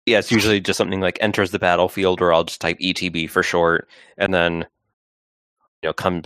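A man co-hosting a podcast in casual chat, relaxed and a little hesitant with fillers. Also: low voice, fairly quick, clean tone, no room sound. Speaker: podcast co-host and writer.

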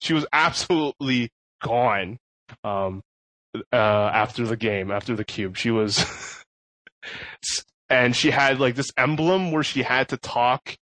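A man's voice: mid-range voice, takes it slowly, fairly bright tone, no room sound. A man spins a loose, rambling story with plenty of laughter and restarts. His voice sits mid-range and sounds close and dry. There is no room sound around him. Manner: rambling, laughs often, many fillers and restarts. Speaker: podcast co-host. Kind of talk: casual storytelling chat.

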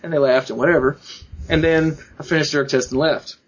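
A man with a husky, slightly breathy voice tells a rambling personal story in casual chat, jumping into quoted voices of the people in it and laughing along the way. His pitch sits in an ordinary middle range. The recording is dull and lo-fi. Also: a little fast. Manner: animated, acts out quoted voices, laughs often. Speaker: podcast co-host.

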